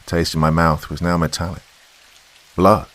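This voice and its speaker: A man narrating a first-person horror story in a slow, hushed storytelling manner. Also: a bass voice, completely flat delivery. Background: faint rain and hiss.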